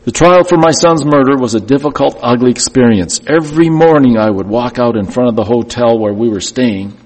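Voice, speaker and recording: A male preacher tells a painful story in the first person, surging and then sinking quietly. His voice is husky and middle-pitched. It rings through a church hall with a long tail of reverb. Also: a little fast. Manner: emotional first-person storytelling, rising and falling in intensity. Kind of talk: sermon.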